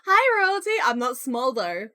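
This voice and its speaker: A young woman live-streaming a game, chatting loudly and excitedly with her viewers. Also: sits high, unhurried, no echo. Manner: excitable, loud, bursts into squeals greeting chat. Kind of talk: casual live-stream chat while gaming.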